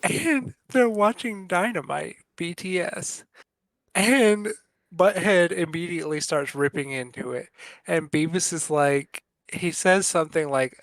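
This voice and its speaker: A podcast co-host in easygoing conversation, recounting favorite cartoon moments with lots of laughter. The voice is mid-pitched and sits close to the mic in a very dry, dead-sounding room. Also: unhurried, no room sound. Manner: animated retelling of cartoon scenes with laughter. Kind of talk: casual chat.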